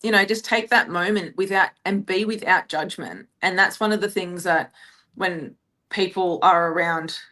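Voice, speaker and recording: A woman's voice: lowish voice, steady tone, moderate pace, bright, forceful tone. A woman coach chatting in a casual podcast conversation, telling stories enthusiastically in spiritual terms. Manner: enthusiastic, storytelling, spiritual wording. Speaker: business and energy coach.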